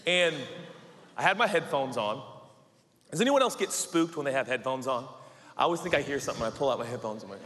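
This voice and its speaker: A man in his forties preaching a sermon, telling a self-mocking story with sudden excited outbursts. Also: mid-range voice, quick pace. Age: 40s. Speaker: pastor. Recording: long hall reverb.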